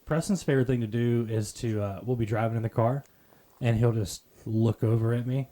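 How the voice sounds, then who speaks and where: Mellow-voiced joking podcast host. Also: male voice, medium pitch, steady tone. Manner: jokey, quick reactions and laughs. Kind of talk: casual chat.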